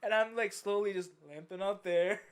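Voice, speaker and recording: A young adult podcast host at a middle pitch spins a long, profane story in relaxed chat. The delivery keeps breaking into laughter and grows loud and animated as the tale builds. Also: moderate pace, smooth.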